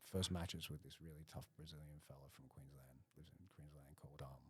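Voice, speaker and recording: A middle-aged man with a very low, deep voice, chatting easily on a podcast. He keeps it casual and friendly, throws in "bro" and "man", and slips into quick laughs as he tells stories. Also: steady tone, breathy edge. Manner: laid-back, frequent "bro" and "man", laughs while telling stories. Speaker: jiu-jitsu gym owner and competitor.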